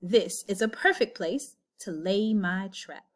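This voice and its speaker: A woman's voice: medium pitch, slow. A woman reading aloud and voicing a boastful, clever talking male cat in a storybook. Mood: sly. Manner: bold, scheming, showy.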